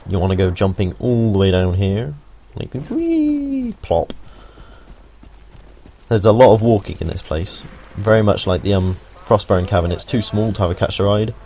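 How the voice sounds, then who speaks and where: A man's voice: sits low, a little mellow. A young man giving a casual, jokey video game walkthrough, rambling into asides and swearing now and then. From United Kingdom. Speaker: gaming video host. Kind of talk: casual gameplay walkthrough commentary.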